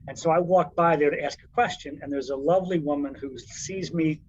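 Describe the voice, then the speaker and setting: A man co-hosting a podcast, telling a story in a casual, animated way. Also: on the high side, fairly quick, highs cut off, a little hiss or hum. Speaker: podcast co-host. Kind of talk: casual chat.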